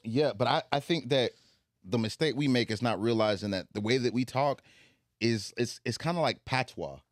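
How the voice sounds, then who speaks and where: A man's voice: mid-range voice, normal speed, dry recording, studio quality. A young Southern man with an African American accent, chatting casually and telling stories with lots of asides. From Southern United States. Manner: animated, digressive storytelling. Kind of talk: casual chat.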